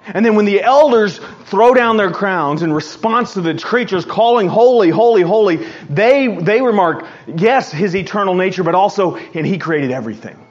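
A man's voice: high-pitched, lively intonation. Earnest man preaching, lo-fi sound. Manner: earnest, emphatic, quick restarts and repetitions. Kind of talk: sermon.

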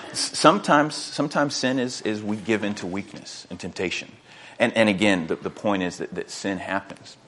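A man's voice: fairly low pitch, fairly bright tone. Earnest man preaching a sermon. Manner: earnest, repeats words while thinking, reads scripture aloud. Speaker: pastor.

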